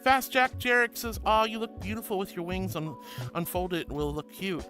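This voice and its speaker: This VTuber from Florida has a high, pushed and bright voice with lively intonation, speaking at a normal speed. He chats casually and fondly while reading viewer messages aloud, calling them sweetie, over background music.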